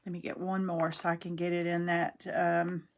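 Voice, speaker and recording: A woman's voice: on the low side, monotone, normal speed. A middle-aged woman hosting a craft livestream, chatting folksily and greeting viewers by name as she works. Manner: folksy, talks to viewers by name while working.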